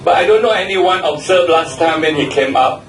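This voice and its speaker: A man's voice: a little high, expressive, moderate pace, slight background noise. A man giving feedback at a speaking club meeting. He repeats words and spells some out letter by letter. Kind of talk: meeting evaluation speech. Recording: echoey room, mic far off.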